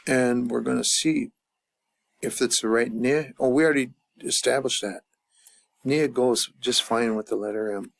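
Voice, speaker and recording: A man's voice: medium pitch, fairly even intonation, normal speed. A man teaching a grammar lesson at a chart, thinking aloud with many fillers and restarts. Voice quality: gravelly. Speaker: language teacher.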